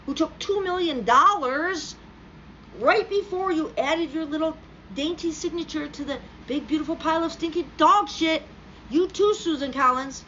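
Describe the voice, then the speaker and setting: A woman with a somewhat high voice rants, sarcastic and profane, about politics. Her voice comes through a dull, lo-fi recording. A faint hum sits underneath it. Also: fairly bright tone. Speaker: political commentator. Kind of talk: angry political rant.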